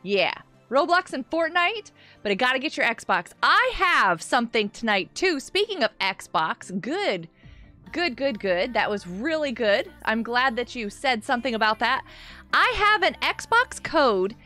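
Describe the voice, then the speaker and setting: A woman's voice: a little high, big pitch swings, unhurried, sharp tone, faint music behind. A woman chatting casually on a gaming live stream from a carpeted room at home, giggly and laughing often.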